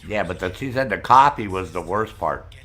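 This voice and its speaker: A man's voice: low-pitched, animated, normal speed, a bit bright. A middle-aged man hosting a casual chat with viewers, telling rambling stories full of swearing. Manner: profane, rambling storyteller. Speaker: streamer host. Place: Maine, United States.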